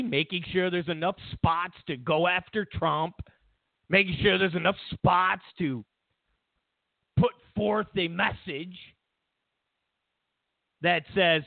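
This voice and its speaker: A man's voice: sits high, gravelly, no echo, phone-quality sound. A man hosting a commentary show, talking in a mocking tone and acting out what others said. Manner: mocking, acts out quotes in silly voices. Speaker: host. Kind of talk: political commentary monologue.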